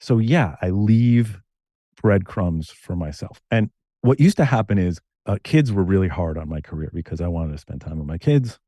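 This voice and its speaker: A middle-aged man from Connecticut, a screenwriter and novelist, talking as a guest in a casual interview, telling stories in animated, quick bursts. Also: sits low, no echo.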